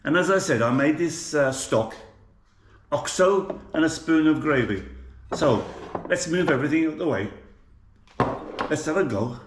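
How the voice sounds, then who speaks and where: A man with a Birmingham accent talks his viewers through a home-cooked dish in a loose, joking, rambling way. His voice sits a little high. The GoPro recording carries a clear echo from the kitchen around him. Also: animated, measured pace, pauses often, slight background noise. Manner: chatty, jokey, rambling. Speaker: cooking vlogger. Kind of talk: casual cooking vlog. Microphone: GoPro camera. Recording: echoey room.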